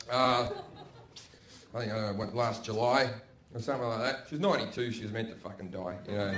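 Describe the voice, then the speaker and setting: A man with an Australian accent performing profane stand-up comedy, swinging between loud bursts and low mutters, in a theater. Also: noisy background. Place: theater with a balcony, live audience. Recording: roomy live stage recording with audience laughter.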